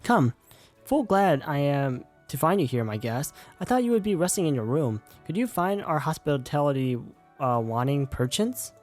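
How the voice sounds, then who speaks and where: Man putting on a courtly male host in a game, odd put-on accent, archaic wording, raised pitch. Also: sing-song, normal speed, a little mellow, soft background music. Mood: courteous.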